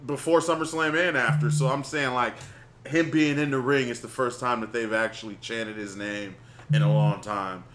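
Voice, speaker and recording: A man's voice: mid-range voice, steady tone, normal speed, a bit bright. A man co-hosting a wrestling review podcast, chatting casually and laughing often. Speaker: podcast co-host.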